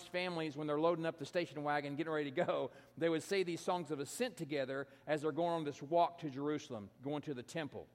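A man preaching a sermon in a conversational way, often restarting words and dropping his voice low to make a point. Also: long reverb tail. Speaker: pastor.

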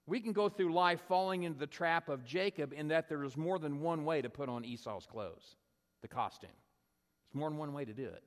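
A man's voice: a little high, fairly quick, big-room sound. A man preaching a sermon in a conversational, storytelling way, often checking in with "right?". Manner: conversational storytelling, frequent "right?" tag questions. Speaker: pastor.

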